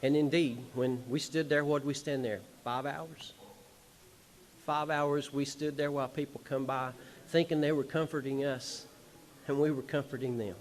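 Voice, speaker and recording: At a tribute show, the honored musician's son addresses the concert hall with a personal speech of family stories, folksy and rambling, emotional, with little chuckles. He speaks in a steady mid-range voice at normal speed.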